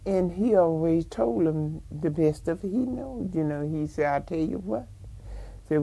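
A woman's voice: fairly low pitch, normal speed, creaky, mellow. An older woman telling family stories in an oral history interview, acting out the dialogue with animation. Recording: folklore archive tape.

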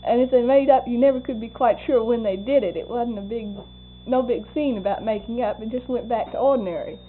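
Brisk and a little high, an older woman recounts people in an oral history interview, often laughing and animatedly voicing their words. Recorded on tinny lo-fi tape with faint hum.

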